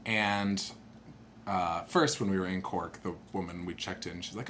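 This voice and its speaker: In an easygoing chat, a young man spins out a lengthy story from his own life, lively and at normal speed, switching into higher voices to imitate the people he quotes. There's a little background noise.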